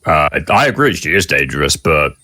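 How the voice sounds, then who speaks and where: A man's voice: extremely low pitch, sing-song, moderate pace, very noisy. A man playing a tabletop game, talking in a blunt, dry way. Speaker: player.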